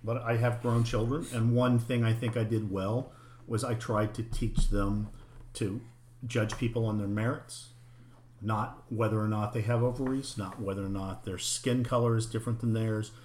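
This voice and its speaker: A middle-aged man in a casual, frank discussion, swearing freely and talking with animated emphasis. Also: lowish voice, moderate pace, roomy sound, a little hiss or hum. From United States, parents from Oklahoma and Arkansas.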